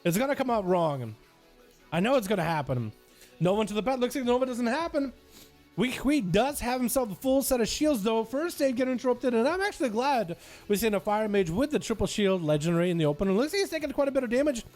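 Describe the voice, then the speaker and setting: Man, very high voice, excitable play-by-play game commentary, faint music behind. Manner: excitable, gung-ho, quick reactions.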